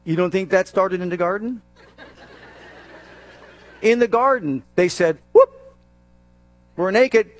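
A male preacher giving a sermon, animated and jokey, acting out scenes as he goes. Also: high voice, a little slow, long pauses.

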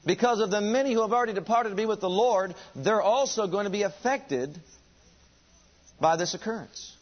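A man's voice: sits high, normal speed, highs cut off. A man preaching a sermon, driving his points home with rhetorical questions and emphatic repetition.

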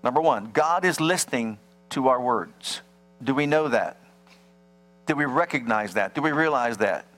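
A man preaching a sermon, animated, acting out little scenes and firing rhetorical questions at the congregation. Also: medium pitch. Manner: dramatizes scenes and acts out voices. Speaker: pastor.

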